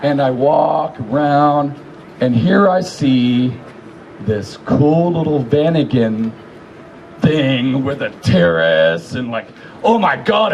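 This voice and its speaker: A man telling profane, animated stories as a eulogy, acting out what people said. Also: mid-range voice, takes it slowly, low-quality recording. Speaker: speaker at a memorial gathering. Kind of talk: informal eulogy storytelling.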